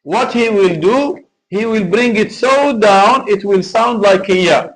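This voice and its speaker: A man's voice: high voice, measured pace, rough recording. A man teaching Quran recitation in a live lesson, explaining carefully and chanting example verses.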